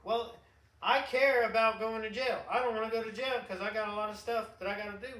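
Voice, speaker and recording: A middle-aged man hosting a podcast, an animated storyteller who rambles, restarts and laughs often in casual chat. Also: high voice, a little fast. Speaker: podcast host. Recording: roomy echo, distant mic.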